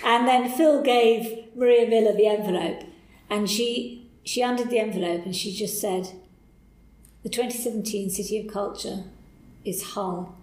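A middle-aged woman, a podcast guest, telling candid stories in an animated, enthusiastic way. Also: medium pitch, normal speed. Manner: animated and enthusiastic, acts out quoted voices. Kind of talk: candid anecdotal storytelling. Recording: roomy echo.

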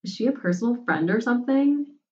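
A woman's voice: fairly high pitch, expressive, brisk, darkish tone, highs cut off, pitched above the performer's own voice, lightly acted. A woman voicing a bold, confident young college woman who talks bluntly and teasingly. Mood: brash.

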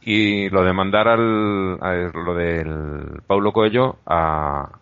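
A man from chats casually on a podcast, halting and restarting his sentences. The sound is dry and dull, with no room around him. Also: deep voice, a bit bright, smooth, no echo. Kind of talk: casual chat.

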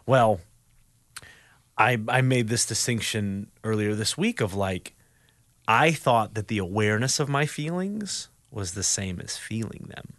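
A man hosting a casual podcast chat, reflecting haltingly on feelings. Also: fairly low pitch, animated, a bit bright, dry recording, clean studio sound. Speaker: podcast host.

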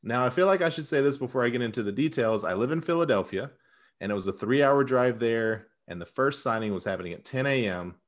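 A man's voice: mid-range voice, expressive, fast. A man co-hosting a casual sports podcast, chatty, with lots of fillers. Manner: chatty, with frequent fillers and laughs. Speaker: podcast co-host.

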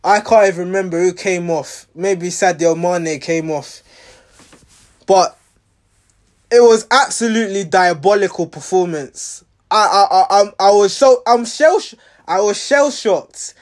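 A man's voice: sits high, a little slow, a little mellow. A man giving a rambling, exasperated reaction to his team's match, restarting his sentences often. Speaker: football fan reviewing a match.

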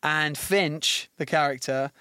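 A man's voice: a little high, slow pace, sharp tone, clear, resonant tone, no echo, studio quality. A young man co-hosting a podcast, explaining things in an easygoing chat. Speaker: podcast co-host. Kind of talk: casual chat.

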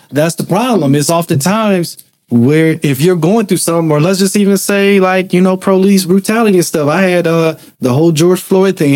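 A man talking in a casual group discussion. He is animated and emphatic and uses everyday colloquial speech. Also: a little high. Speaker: podcast co-host.

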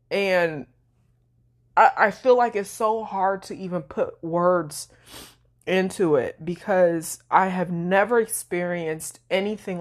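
A woman hosting her own podcast, speaking emotionally and tearfully, laughing through her tears. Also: lowish voice. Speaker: podcast host. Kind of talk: heartfelt solo podcast talk.

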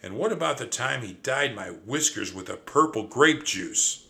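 A man's voice: expressive, moderate pace, gravelly, pushed and bright. A man doing a flustered nervous mouse. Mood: protesting. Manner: flustered, high-strung outbursts. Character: fussy nervous grown male mouse. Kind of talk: storybook read-aloud.

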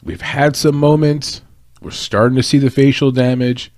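A man talks through a fight breakdown in an easy, conversational way, drifting into tangents and restarting phrases. His voice sits at an ordinary middle pitch. The sound is dry and close, with no room around it. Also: fairly even intonation, normal speed, darkish tone, no echo. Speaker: fight analyst.

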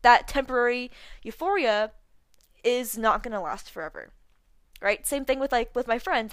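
With no echo around her, a twenty-one-year-old woman runs her solo podcast in an animated, slightly high voice at normal speed. She chats casually, has a slight lisp, and sprinkles in lots of likes and ums.

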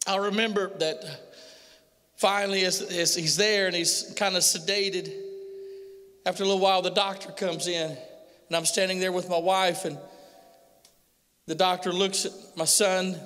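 A man's voice: high-pitched, flat delivery, measured pace, pauses often, fairly bright tone. A middle-aged father telling an emotional personal testimony to a pastor, earnestly and with frequent repetition. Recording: long hall reverb.

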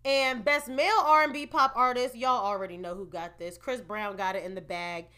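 Woman vlogging, bright voice, kinda high, chatty and opinionated recap. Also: fairly even intonation, moderate pace. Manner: chatty, opinionated, laughing asides. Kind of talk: casual entertainment recap.

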